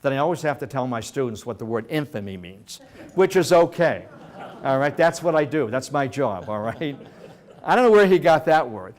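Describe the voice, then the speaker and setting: A man giving a history lecture to a senior center audience, telling stories in an animated way with joking asides and frequent restarts. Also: medium pitch, moderate pace.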